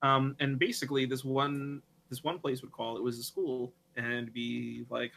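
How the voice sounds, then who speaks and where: A man's voice: medium pitch, normal speed, few pauses, pushed and bright, a little hiss or hum, rough recording. A man interviewing a guest in a casual chat, friendly and chatty, often restarting his sentences. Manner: chatty, friendly, self-correcting.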